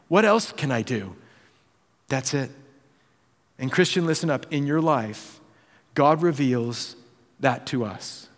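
A man preaching a sermon as pastor, acting out quoted voices and swinging between loud and hushed. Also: fairly high pitch, slow, long reverb tail. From United States.

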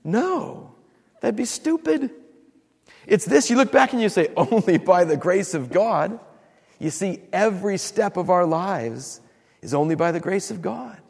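A man's voice: sits high, lively intonation, moderate pace, creaky, a little mellow, long reverb tail. A man preaching a sermon as pastor, acting out quotes and repeating words for emphasis.

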